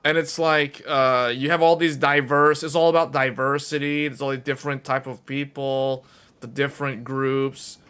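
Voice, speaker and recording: A man streaming to his viewers, chatting casually in a rambling, animated way and laughing often. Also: medium pitch, normal speed, smooth.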